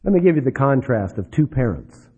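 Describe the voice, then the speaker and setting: A man preaching a sermon, dropping low and soft then rising for emphasis. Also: very animated, a little fast, husky. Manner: dramatic, swings between soft drops and rising emphasis. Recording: dull lo-fi recording.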